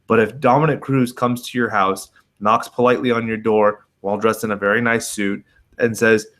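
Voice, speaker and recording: A man's voice: on the low side, level tone, moderate pace, a bit bright. Sardonic man on a podcast. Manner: wordy, sardonic, profane. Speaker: podcast co-host. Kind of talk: casual podcast chat.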